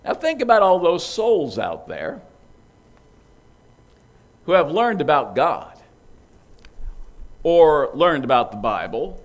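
A man giving a sermon illustration in an animated storytelling way, imitating toy sounds along the way. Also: medium pitch. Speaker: preacher.

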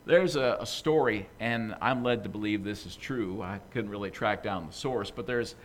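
A man preaching a conversational sermon and telling stories in an animated way. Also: mid-range voice, slight background noise.

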